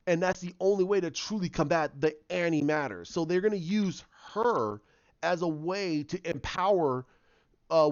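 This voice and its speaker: Male show recapper, slightly high voice, animated and rambly, dry and muffled mic. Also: dry recording. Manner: rambling, animated, acts out scenes with repeated restarts. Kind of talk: casual spoken recap.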